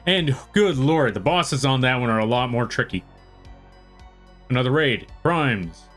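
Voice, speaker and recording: A man with a relaxed American accent that has a slight Southern twang chats casually on a live stream. He rambles in a friendly way and greets viewers by name. His pitch sits in an ordinary middle range, with faint music playing behind him. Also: measured pace. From western United States. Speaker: art streamer.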